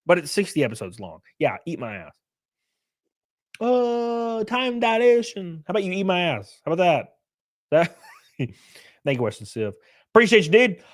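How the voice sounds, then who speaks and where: A man in his thirties hosting a livestream, ranting loudly and profanely in casual chat, laughing between rants. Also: high-pitched, sing-song, normal speed, pauses often. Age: 30s. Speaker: livestream host.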